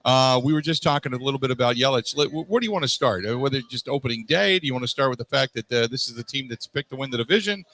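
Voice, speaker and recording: A man's voice: medium pitch, bright, forceful tone. A man hosting a live radio show from a bar, telling stories with boisterous energy. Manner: boisterous storyteller. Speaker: radio host. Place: bar, live remote broadcast.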